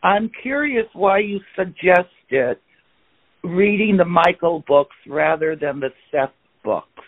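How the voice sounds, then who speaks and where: Man, co-host, lively slow delivery, fairly high voice, tinny phone sound. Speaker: co-host reading listener questions. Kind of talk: casual call-in show.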